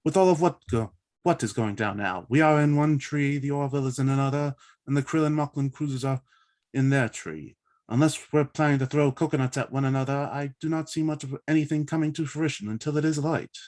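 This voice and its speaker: A man's voice: fairly high pitch, fairly quick, darkish tone, close to an everyday voice. A man reading the part of a cold, sardonic alien male officer who speaks in a dry, formal way. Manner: dry, formal, without contractions.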